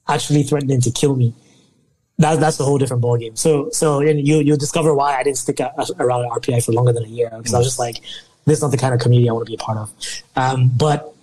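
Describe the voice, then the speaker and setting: A young man from Nigeria, appearing as a podcast guest, spins a long story in casual interview talk, full of animation and frequent laughter. His voice is mid-range and the audio quality is poor.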